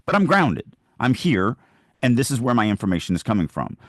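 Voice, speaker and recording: A man's voice: medium pitch, very animated, fairly quick, no echo, studio quality. A man co-hosting a podcast, making emphatic points about writing from the reader's point of view in a casual chat. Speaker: podcast co-host. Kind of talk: casual discussion on writing craft.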